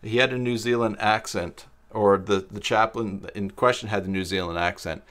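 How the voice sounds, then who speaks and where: A man hosting a live-stream web design tutorial, thinking aloud as he works and answering chat viewers, halting often with pauses and fillers. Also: lowish voice, fairly bright tone. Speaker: tutorial host.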